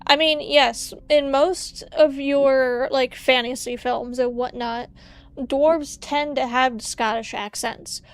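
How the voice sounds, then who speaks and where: A woman's voice: high-pitched, steady tone, takes it slowly, smooth. A woman VTuber streamer chatting casually on a livestream, ranting playfully with strong opinions.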